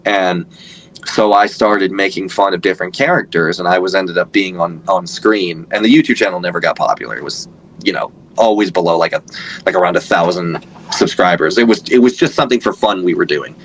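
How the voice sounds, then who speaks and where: A man's voice: low-pitched, a little fast, fairly bright tone, a little hiss or hum, low-quality recording. A man in his thirties, a voice actor guest, chatting casually in an interview, rambling with lots of fillers and restarts.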